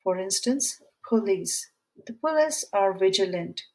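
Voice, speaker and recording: Woman, grammar teacher, very slow measured delivery, clear example sentences. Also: mid-range voice, darkish tone, low-quality recording. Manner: measured, explains with examples and reads quiz items aloud. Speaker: English teacher. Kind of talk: slow, deliberate grammar lesson.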